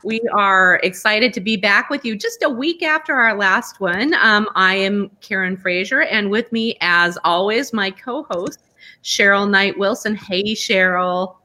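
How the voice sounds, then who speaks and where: A woman's voice: medium pitch, a little slow, pushed and bright. A woman hosting a podcast, chatting casually and upbeat over a video call. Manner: chatty, upbeat, laughs often. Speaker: podcast host. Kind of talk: casual chat.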